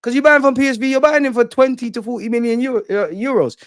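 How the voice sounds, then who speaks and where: Fan-channel host, young man, animated and exasperated, high-pitched, dry. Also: fast, no echo. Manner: animated, profane, exasperated ranting. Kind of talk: ranting fan commentary.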